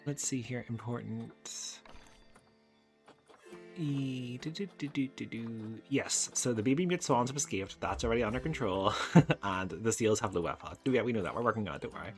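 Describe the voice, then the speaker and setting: A man talks his way through a building game, narrating every click and cooing at the animals. His voice sits in a middle range. Game music plays clearly behind him. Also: medium pitch. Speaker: gaming YouTuber. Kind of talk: casual game commentary. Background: game background music.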